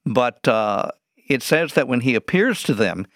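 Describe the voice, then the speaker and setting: A man's voice: medium pitch, expressive, measured pace, a bit bright, no echo, studio quality. A man, a Bible teacher, explaining scripture in an interview, posing rhetorical questions and answering them.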